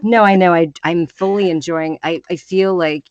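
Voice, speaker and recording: A woman's voice: on the low side, steady tone, normal speed, no room sound, dull audio. A woman guest on a podcast, talking in a brash, crude, joking way. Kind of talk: casual chat.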